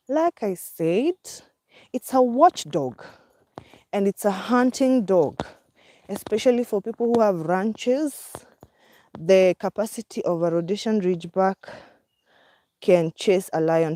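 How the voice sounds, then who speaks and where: A woman's voice: on the low side, mellow, no room sound. A woman with a Kenyan English accent talking casually while out walking her dog, out of breath, chatty and laughing now and then. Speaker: vlogger. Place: outdoors on a walk, hills and woods.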